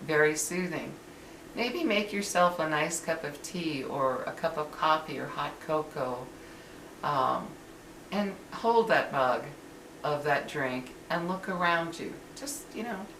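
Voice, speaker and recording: Low-voiced older woman, earnest and rambling. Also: animated, slow pace, fairly bright tone. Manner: earnest, rambling, with frequent restarts. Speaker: vlogger. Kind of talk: casual motivational talk to camera. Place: home living room, indoors. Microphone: built-in camera mic. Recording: roomy and distant with faint hiss.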